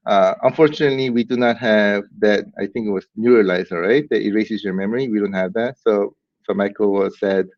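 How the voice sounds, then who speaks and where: A man's voice: fairly low pitch, normal speed. Livestream host, male, rambling and laughing, lo-fi dull audio. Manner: rambling, laughs often, hype announcer bursts. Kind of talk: casual livestream chat.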